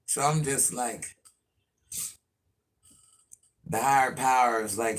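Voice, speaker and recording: A man chatting casually to viewers on a live stream, rambling and musing out loud and repeating himself as he thinks things through. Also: medium pitch, normal speed, few pauses, slight background noise.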